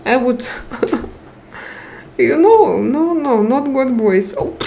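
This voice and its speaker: Woman live stream host, tired, unhurried speech, emotional thanks to chat. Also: high-pitched, lively intonation, creaky, slight background noise. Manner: warm, emotional, reads out chat names and thanks viewers. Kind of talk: casual live chat with viewers.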